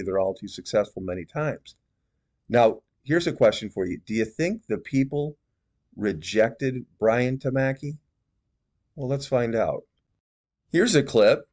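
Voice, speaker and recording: A man giving measured, disapproving commentary on religious video clips. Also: fairly low pitch, darkish tone.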